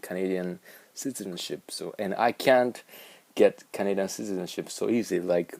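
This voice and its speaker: A man's voice: deep voice, measured pace, creaky, pauses often, darkish tone. A young man with a Japanese accent, rambling and musing aloud in a casual vlog. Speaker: vlogger.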